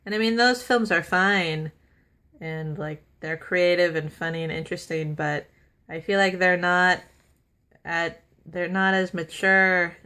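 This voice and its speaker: A young adult woman vlogs casually to the camera in a somewhat low, slightly bright voice. Gushing and laughing often, she chats away in run-on sentences packed with fillers.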